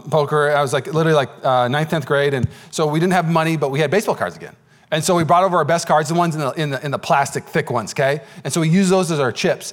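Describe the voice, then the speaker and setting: High-voiced animated male pastor. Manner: animated storytelling, acts out voices in high pitch. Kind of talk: sermon.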